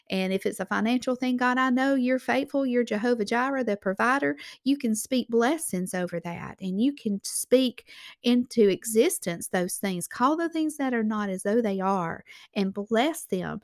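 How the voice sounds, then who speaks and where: A woman's voice: medium pitch, normal speed, no room sound, clean studio sound. A woman hosting a Christian devotional show, giving an earnest, encouraging sermon and reading scripture verses aloud. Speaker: Christian ministry host.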